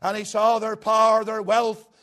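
A man with a notably high voice preaches a sermon. He climbs to loud, emphatic peaks, then sinks to low, hushed lines. He lingers slowly on key words. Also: completely flat delivery. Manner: swings between rising emphatic peaks and low hushed drops; slow, deliberate delivery with pauses on key words.

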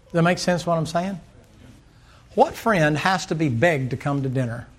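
Preacher guy, highish voice, gets loud and animated then drops way down. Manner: animated preaching, swings from low asides to loud emphatic runs; acts out dialogue in quick playful voices. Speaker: pastor. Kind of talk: sermon.

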